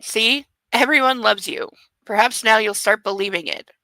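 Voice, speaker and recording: A woman reading the lines of an earnest, reproachful young female lover in a soft, hushed voice that sometimes drops to a near-whisper. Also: fairly high pitch, moderate pace, dry recording, poor audio. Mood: tender.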